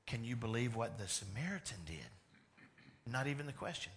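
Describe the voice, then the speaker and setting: A man preaching a sermon as pastor, animated, moving between loud emphatic lines and hushed ones. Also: medium pitch, normal speed, a little hiss or hum.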